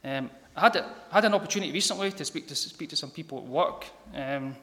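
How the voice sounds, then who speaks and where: A man giving an informal gospel sermon in a church hall, talking haltingly with many ums and repeated words. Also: a little high, a bit bright. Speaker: lay preacher. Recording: reverberant hall.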